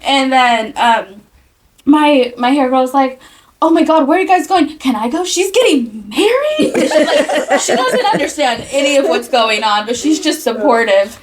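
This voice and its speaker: High-voiced woman telling an animated story. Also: normal speed, slight background noise. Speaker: podcast guest. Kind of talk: casual podcast chat.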